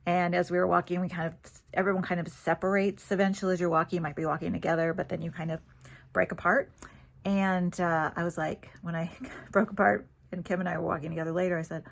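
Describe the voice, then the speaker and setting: Woman vlogger, lower-pitched, casual storyteller, animated and quick to laugh. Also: creaky. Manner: chatty, animated, laughs easily.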